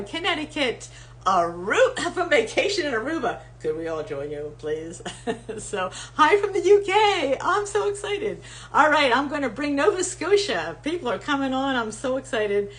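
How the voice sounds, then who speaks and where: A woman's voice: mid-range voice, fairly bright tone. Casual live webinar host, middle-aged woman, upbeat and chatty, light hum in the background. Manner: bubbly, greets viewers by name. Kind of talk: casual live-stream welcome and interview.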